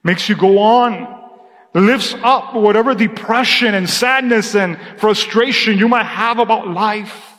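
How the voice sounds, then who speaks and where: The long reverb of a church sanctuary carries a pastor's high, bright voice as he delivers his sermon at a measured pace. He calls out to the congregation, then lowers his voice almost to a hush to drive points home.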